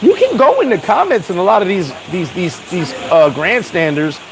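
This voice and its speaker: A man with a notably high speaking voice delivers a casual vlog rant from outdoors in a town. He talks emphatically, telling animated stories to his viewers. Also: normal speed, noisy background. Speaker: vlogger.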